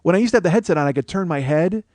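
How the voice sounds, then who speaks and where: A man's voice: sits high, rapid-fire, dry recording. Man, comedy podcast host, cursing storyteller, laughs at his own lines, dry close studio mic. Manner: profane, animated storyteller who laughs at his own jokes. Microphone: studio microphone.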